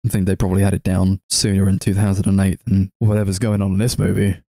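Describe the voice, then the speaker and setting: Man, mellow tone, dry close sound, ranting movie chat, swears and laughs a lot. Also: little pitch movement, fast, no room sound. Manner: ranting, swears, laughs often, voice jumps high when exasperated. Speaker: podcast co-host. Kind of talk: casual movie review chat.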